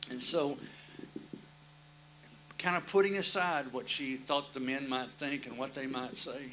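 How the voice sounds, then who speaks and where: A man's voice: mid-range voice, a little slow, sharp tone, a little hiss or hum, low-quality recording. A man preaching a sermon in a folksy, plain-spoken storytelling manner, repeating his refrains.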